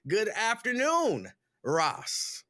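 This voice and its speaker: A man hosting a livestream talk show, greeting viewers one by one in a relaxed, chatty way. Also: high voice, drawn-out words, dry recording, clean studio sound.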